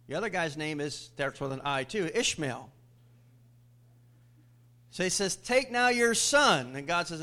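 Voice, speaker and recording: A male pastor preaching a sermon, calling out questions to the congregation and making humorous asides, jumping much higher and louder when he voices scripture characters.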